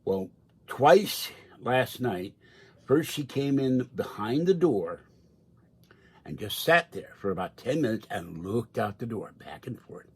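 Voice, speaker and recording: This livestream host talks from his home in a mid-range, husky voice that's very animated yet slow-paced. He rambles casually between stories, laughing a lot.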